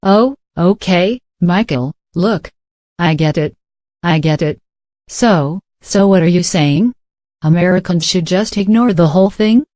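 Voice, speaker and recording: A man's voice: high voice, unhurried, a little mellow, dry recording. A man from Africa hosting a late-night comedy show, delivering a scripted monologue and playing the dry, incredulous straight man.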